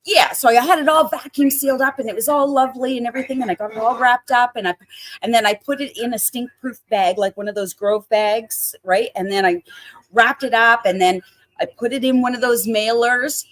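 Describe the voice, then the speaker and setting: A woman's voice: fairly high pitch, fairly quick. A middle-aged woman from Canada, a home grower chatting as a guest, giggling often and telling stories. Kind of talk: casual chat.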